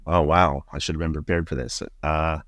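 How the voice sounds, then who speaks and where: A middle-aged man, a podcast guest, telling a personal story in a reflective, halting way with many fillers. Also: rumbling low, little pitch movement, fairly bright tone, dry recording.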